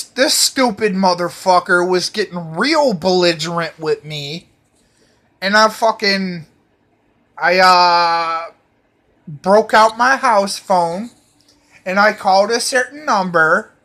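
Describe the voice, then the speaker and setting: A man's voice: sits high, takes it slowly, long pauses, sharp tone. A man telling a rambling personal story, profane and meandering, full of fillers and restarts.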